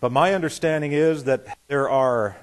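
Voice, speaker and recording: A man's voice: a little high, moderate pace. A middle-aged male pastor preaching a sermon in a conversational way, telling a story and acting out the voices in it. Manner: conversational, animated, acts out quotes.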